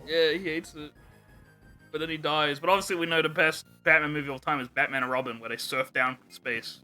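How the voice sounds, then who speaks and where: A man's voice: fairly high pitch, fairly even intonation, brisk, pushed and bright, smooth, soft background music. A young man hosting a casual podcast, animatedly retelling scenes with jokes and swearing. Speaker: podcast host.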